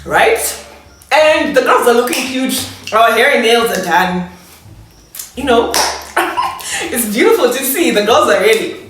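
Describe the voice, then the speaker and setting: A woman's voice: a little high, animated, measured pace, long pauses, a bit bright, recorded from a distance. A young woman tells a birthday story in a loose, chatty way, laughing often and talking through mouthfuls of food. She sits back from the mic in a very echoey room with faint hiss behind her. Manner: chatty, laughing, talks while eating. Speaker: vlogger. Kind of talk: casual storytime vlog.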